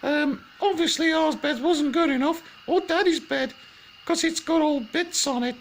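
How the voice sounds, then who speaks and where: A man's voice: extremely high pitch, normal speed, slight background noise, voice pushed up. A man voicing a fussing, flustered mother bear with a put-on Australian accent in a comic bedtime story.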